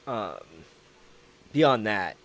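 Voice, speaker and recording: This livestream host is a man with a Southern US accent whose voice sits lowish and sounds fairly bright. He talks casually with his viewers, meandering, cursing, and staying relaxed.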